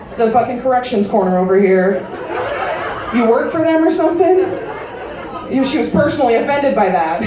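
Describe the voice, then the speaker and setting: A woman in her thirties doing a crude stand-up comedy set, delivering brash, deadpan punchlines to a live audience in a large casino showroom. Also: a little high, fairly quick, long pauses, far from the mic, crowd noise. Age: 30s. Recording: roomy live-venue recording from afar.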